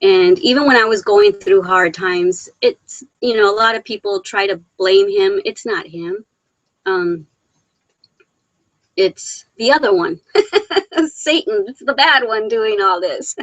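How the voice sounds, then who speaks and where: A woman's voice: medium pitch, a bit bright, no room sound. A middle-aged woman chats into her laptop on a live stream, giggling between sentences while fighting back tears. The sound is dull and muffled, with a dry, close feel. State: teary, on the verge of crying. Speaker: live Q&A host. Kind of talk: casual live-stream chat reading viewer comments. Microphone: laptop microphone.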